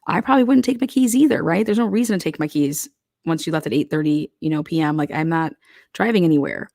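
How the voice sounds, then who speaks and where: A woman's voice: low voice, quick pace, creaky, darkish tone. A woman giving casual, profane true crime commentary, blunt and heated, firing off rhetorical questions.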